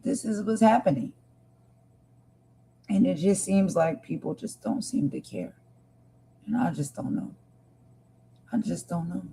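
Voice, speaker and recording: A woman's voice: fairly low pitch, measured pace, creaky, pauses often, mellow, a little hiss or hum. A woman hosting a livestream, talking earnestly and with passion to her viewers. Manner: earnest, impassioned, talks to viewers directly. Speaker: livestream host. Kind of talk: emotional livestream commentary.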